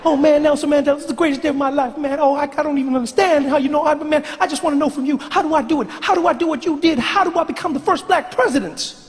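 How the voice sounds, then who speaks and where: A man voicing an excitable young man who talks in a rushed, breathless way and keeps saying "man.". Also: extremely high pitch, big-room sound, voice pushed up. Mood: starstruck. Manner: rushed, repeats "man" constantly. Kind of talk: stand-up character voice.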